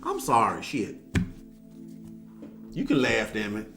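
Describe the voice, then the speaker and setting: A man's voice: fairly low pitch, wildly swooping pitch, slow pace, music in the background. A man giving a casual tarot reading, talking straight to the viewer in a sassy, blunt and profane way. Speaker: tarot reader.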